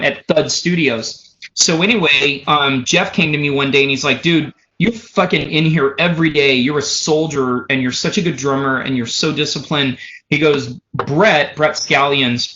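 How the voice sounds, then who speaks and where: Bright-voiced man telling a profane story. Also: on the high side, muffled recording. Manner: animated, profane, runs stories with "he goes" and "so anyway". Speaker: drummer and podcast guest. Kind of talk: casual storytelling.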